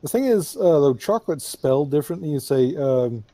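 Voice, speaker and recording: A man's voice: on the high side, animated, brisk, dark tone, no echo. A man co-hosting a game let's play, rambling and joking in casual chat. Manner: rambling, joking, fillers and restarts.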